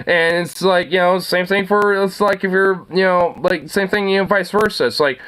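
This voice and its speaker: A man's voice: sits high, moderate pace, fairly bright tone. A young man hosting a casual solo talk, ranting with lots of fillers, swearing and frequent laughter.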